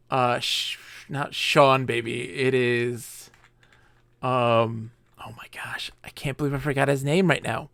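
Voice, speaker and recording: A man's voice: mid-range voice, a bit bright, no room sound, studio quality. A man streaming a game live, rambling enthusiastically and laughing often between thoughts.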